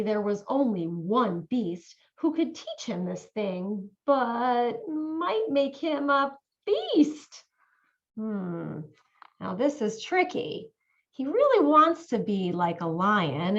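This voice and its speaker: A woman volunteer reading a children's picture book aloud in an animated way, stopping to ask the young listeners questions. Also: on the high side. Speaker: volunteer reader. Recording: dull lo-fi audio.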